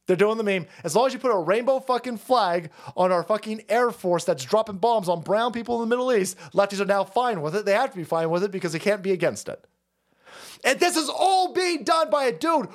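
A man in his forties ranting sarcastically on a political livestream, profane and mocking. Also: sits high. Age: 40s.

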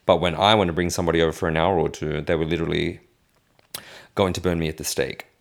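A man's voice: low voice, little pitch movement, quick pace, creaky. A man in his thirties venting in a casual vlog rant, indignant and swearing freely. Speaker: vlogger.

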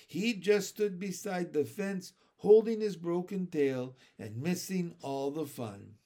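A man narrating a children's book aloud with steady, expressive storytelling. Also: high-pitched, slow.

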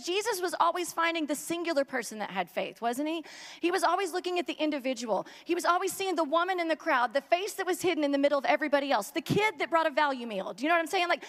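Chatty high-voiced woman preaching in a hall. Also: fairly bright tone. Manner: chatty and joking, many filler words. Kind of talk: humorous casual sermon.

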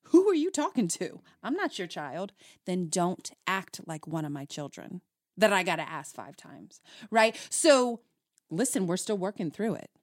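A woman on a relationship podcast, telling a personal story in a lively way and acting out both sides of an argument. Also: mid-range voice, no echo, studio quality. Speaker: podcast co-host. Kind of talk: casual chat about relationships.

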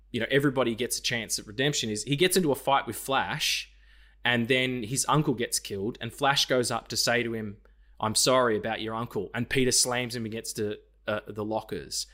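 Man, podcast co-host, casual chat, animated retelling, swears freely. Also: mid-range voice. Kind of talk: casual film discussion.

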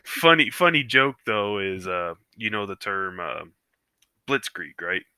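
A man's voice: fairly low pitch, big pitch swings, a little slow, sharp tone, clear, resonant tone, no room sound. A man co-hosting a casual podcast, rambling through stories with lots of fillers and acting out what people said. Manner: rambling storyteller with many fillers, acts out quotes. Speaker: podcast co-host. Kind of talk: casual chat. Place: living room couch.

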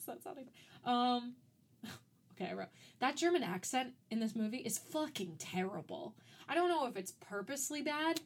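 A woman's voice: a little high, lively intonation, normal speed. A woman co-hosting a podcast in casual chat, talking loosely with lots of "like" fillers and easy laughs. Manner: chatty, frequent "like" fillers, laughs easily. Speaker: podcast co-host.

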